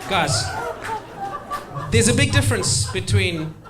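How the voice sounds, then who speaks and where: A man's voice: high-pitched, lively intonation, slow pace, over music, a crowd in the background. A man doing a chatty stand-up set, often laughing at his own jokes. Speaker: stand-up comedian. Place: stage at a live comedy show.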